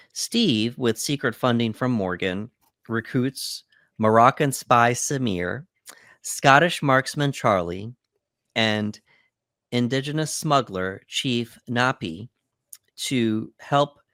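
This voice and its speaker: A man's voice: lowish voice, a bit bright, no room sound, clean studio sound. A man co-hosting a podcast, casually recapping film scenes and acting out quotes. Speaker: podcast co-host. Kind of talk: casual movie breakdown chat.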